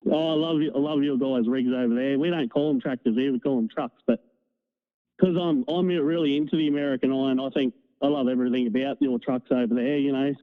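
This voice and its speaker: Aussie trucker on a tinny phone line. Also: male voice, mid-range voice, quick pace, smooth. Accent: North Queensland Australian. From Australia. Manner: chatty, relaxed, uses mate and no worries. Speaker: caller, truck driver. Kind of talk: casual phone call.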